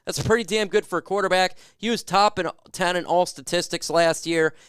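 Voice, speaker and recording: A man's voice: high-pitched, a little fast, fairly bright tone, clean tone, dry recording, clean studio sound. A man hosting a casual sports fan livestream, answering viewer questions with loose, joking, hyped banter. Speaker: sports talk livestream host.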